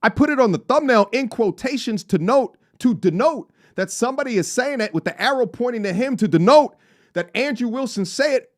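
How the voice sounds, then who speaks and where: Male streamer, high and lively voice, playful and teasing, laughs a lot. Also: a little fast. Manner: playful, teasing, laughs often, jumps between hype and mock-serious. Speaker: live stream host reading super chats. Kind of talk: casual live stream chat. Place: travelling abroad.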